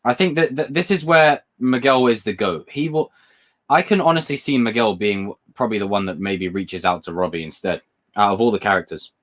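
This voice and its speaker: Speaking fairly quickly, a British man with a lowish, fairly bright voice hosts a livestream. He chats in a relaxed way, drifting from topic to topic as he reads viewers' comments.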